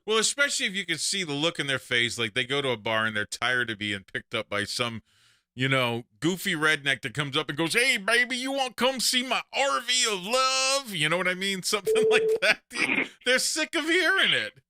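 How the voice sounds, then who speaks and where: Texan guy hosting a call-in stream, bright sharp voice, dry close sound, cracks himself up. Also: fairly high pitch, very animated, a little fast, smooth, no echo. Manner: storytelling, jokey, laughs often. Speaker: show host. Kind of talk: live call-in stream chat.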